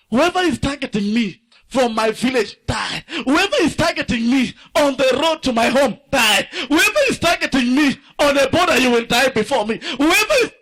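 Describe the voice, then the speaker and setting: High, bright-voiced fiery preacher man. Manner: fiery, swinging from loud shouts to low asides; asks the congregation to fill in words. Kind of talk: sermon.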